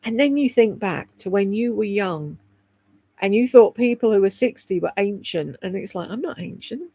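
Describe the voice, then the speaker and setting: A woman's voice: mid-range voice, animated, moderate pace, warm tone, slightly rough, dry recording. A woman in her sixties chatting from home on a livestream, swearing freely, laughing often and rambling candidly. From United Kingdom. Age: 60s. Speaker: livestream host reading chat. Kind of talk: casual chat on a livestream.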